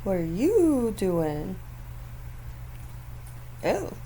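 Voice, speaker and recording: A chatty woman gives casual gameplay commentary at a middling pitch, with frequent giggles and animated asides. Faint outdoor noise from neighbors drifts in behind her voice. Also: very slow. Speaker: gaming channel host.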